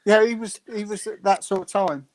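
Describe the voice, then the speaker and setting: A man's voice: high-pitched, fairly even intonation, a little fast, darkish tone. A man on a video call chatting on a fan show, dropping dry wisecracking asides. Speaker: guest. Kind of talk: casual chat.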